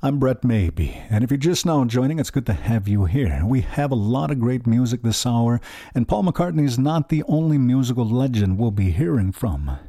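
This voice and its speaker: A man's voice: medium pitch, expressive, normal speed, warm tone, no echo. A man hosting a music radio show, chatting casually between songs with light self-deprecating asides, on a close studio microphone. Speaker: radio host.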